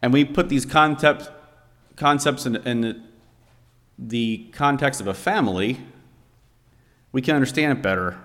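Male preacher, mid-pitched, storytelling sermon delivery, long reverb of a church hall. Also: measured pace, long pauses, fairly bright tone. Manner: storytelling, vividly recounting a scene.

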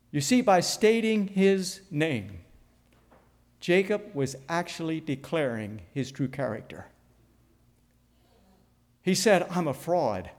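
A man delivers a sermon at an unhurried, deliberate pace, letting his voice sink low and quiet on key phrases. His voice sits a little high for a man. The sound carries a long reverb, like a large church sanctuary. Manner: slow, deliberate preaching with dramatic drops in volume. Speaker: preacher.

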